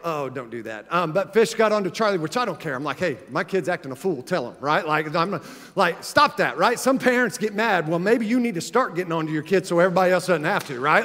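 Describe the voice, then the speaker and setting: In a high, fairly bright voice with a big-room sound, this man in his thirties preaches a sermon. As a pastor, he tells stories in an earnest, conversational way before building to emphatic exhortation.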